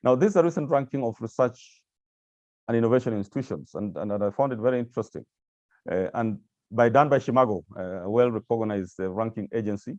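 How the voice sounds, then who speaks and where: A man's voice: lowish voice, fast talker, warm tone, dry recording, lo-fi sound. A man giving a presentation with slides to staff of agencies, speaking hesitantly with many repeated words and fillers. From Kenya.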